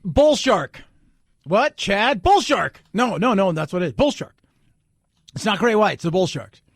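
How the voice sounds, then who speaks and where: A middle-aged man hosts a talk radio show, talking bluntly and cracking jokes as he goes. His voice sits high for a man. The studio sound is close and dry. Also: big pitch swings, a little slow, breathy edge, no room sound. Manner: blunt and jokey, slips into mocking voices.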